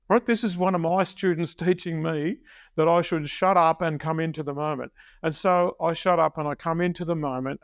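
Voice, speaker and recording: An older man in his sixties speaks as a coach on a podcast, slowing down to stress his key phrases like a teacher. His voice sits a little high for a man. The sound is close and dry. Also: no room sound. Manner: deliberate, emphatic teacherly delivery with slowed key phrases. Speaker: success coach guest. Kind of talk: podcast interview storytelling.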